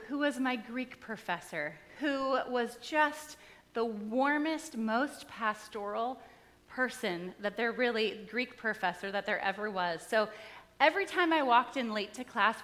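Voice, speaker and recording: A woman's voice: a little high, fairly bright tone. A woman pastor giving a sermon, telling stories from her life in an easy, conversational way with touches of humor. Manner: conversational storytelling with light humor. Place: church sanctuary. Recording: long reverb in a large hall.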